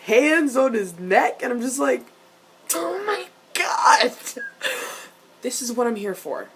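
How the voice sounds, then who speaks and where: A woman reacting to a TV episode in casual, excitable rants, swearing often and turning exasperated. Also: on the high side, moderate pace, noisy background. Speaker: video reviewer.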